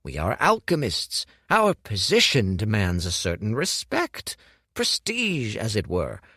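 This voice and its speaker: A man's voice: lowish voice, wildly swooping pitch, unhurried, pushed and bright, slightly rough, dry recording, studio quality, heavily acted. A man voicing a fussy, pompous male alchemist master who makes indignant, theatrical exclamations.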